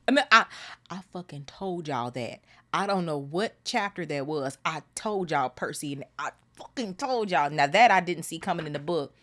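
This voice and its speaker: A woman hosting a book club podcast, reading a novel aloud with animated, swearing asides. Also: deep voice. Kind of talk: casual read-aloud with commentary.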